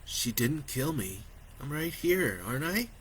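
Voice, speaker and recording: A man voicing a father who calms his son in a soft, soothing voice. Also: mid-range voice, moderate pace, a little hiss or hum, natural voice. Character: calm soothing father, gently reassuring.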